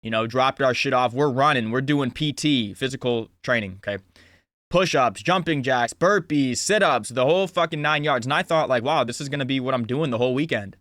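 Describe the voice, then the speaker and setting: A man's voice: mid-range voice, a little fast, a bit bright, no room sound, studio quality. A young man telling a story in a blunt, casual way, often swearing and filling with "you know". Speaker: self-help talker.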